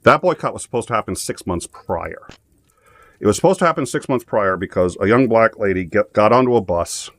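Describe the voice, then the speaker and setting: A man's voice: on the low side, lively intonation, brisk, no room sound. A man hosting a casual chat show, telling jokes and stories in a rambling way with many restarts. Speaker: host.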